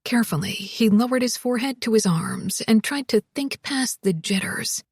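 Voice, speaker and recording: A woman reading an audiobook in a measured, even storytelling manner, close to the microphone. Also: on the high side, breathy edge, no echo. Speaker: audiobook narrator. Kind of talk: scripted audiobook narration.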